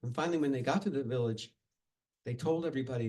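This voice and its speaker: A man telling a tall tale at a live storytelling contest, speaking in an animated, dramatic way. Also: medium pitch, fast talker, rough recording.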